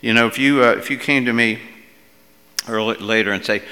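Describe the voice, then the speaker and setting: A man's voice: medium pitch, a little fast, pauses often, in a large hall. A middle-aged male pastor preaching a sermon in a conversational way, sometimes raising his voice for quoted speech. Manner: conversational preaching, rising to loud acted quotes.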